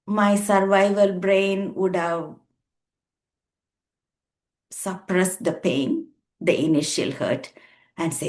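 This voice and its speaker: Slow, low-voiced woman in her sixties. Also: fairly even intonation, a little mellow. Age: 60s. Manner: earnest, slow and emphatic, repeating words for weight. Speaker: counsellor and therapist. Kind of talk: reflective personal talk to camera.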